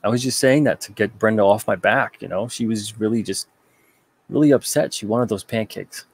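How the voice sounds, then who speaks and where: Gravelly low-voiced man chatting loosely. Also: moderate pace. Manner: rambling, joking, self-deprecating asides. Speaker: publisher host reading viewer comments. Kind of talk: casual livestream chat.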